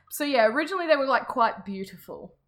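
A woman's voice: high voice, animated, a little fast, a bit bright. A young Australian woman co-hosting a podcast in a rambling, casual chat with frequent laughs. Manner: chatty, rambling, laughs often. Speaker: podcast co-host.

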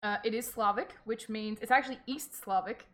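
A woman co-hosting a podcast, telling a folklore story in a giggly, animated casual chat. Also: a little high, a little fast. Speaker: podcast co-host.

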